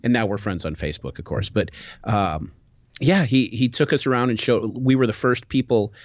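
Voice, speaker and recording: A man hosting a podcast, telling a travel story in casual chat, animated and full of restarts. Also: mid-range voice, normal speed, no room sound. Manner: animated, rambling with many restarts. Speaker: podcast host. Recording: dull, dry lo-fi recording.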